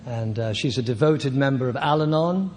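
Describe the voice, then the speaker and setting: A man's voice: mid-range voice, moderate pace. A man in his sixties giving a recovery talk at a convention, rambling and self-deprecating with many hesitations. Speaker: AA speaker. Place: large convention hall. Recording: reverberant hall with faint room noise.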